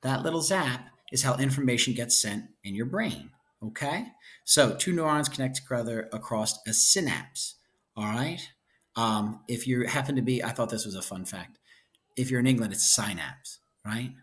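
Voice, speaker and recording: A male teacher talks his class through a textbook chapter in a relaxed, conversational way. He drops playful asides and checks in with his listeners after almost every point. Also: mid-range voice, moderate pace. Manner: chatty, checks in constantly with "right?" and "okay?"; playful asides, enthusiastic about cute pictures. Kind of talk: casual lecture walking through a book chapter.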